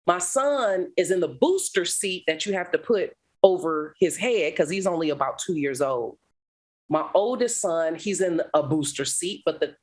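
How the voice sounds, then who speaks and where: A middle-aged woman, a guest speaker, telling a personal testimony in an animated, dramatic way. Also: on the low side. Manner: animated, dramatic retelling with laughter. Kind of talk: storytelling testimony.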